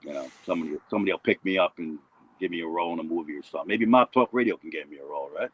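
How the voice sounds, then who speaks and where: A man's voice: low voice, racing, highs cut off, a little hiss or hum. A man rambling through a casual livestream chat, often tagging on "you know what I mean".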